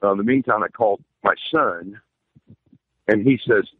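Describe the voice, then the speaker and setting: A man's voice: on the low side, moderate pace, husky. A man telling a first-person outdoor encounter story in a rambling, plainspoken way, using folksy phrasing. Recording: tinny phone line, dry.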